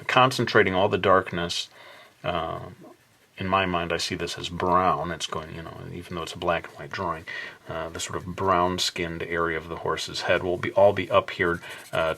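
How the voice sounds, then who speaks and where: Lower-voiced man narrating a drawing tutorial. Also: vocal fry. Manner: relaxed, rambling, self-deprecating with playful asides. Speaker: drawing instructor.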